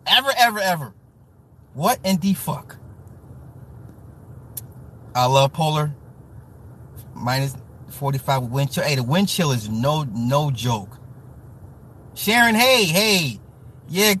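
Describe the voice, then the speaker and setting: A man from the US Midwest hosting a casual livestream, talking to chat with profane, joking, animated rants. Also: on the high side, unhurried, long pauses, slightly rough. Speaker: livestream host reading chat.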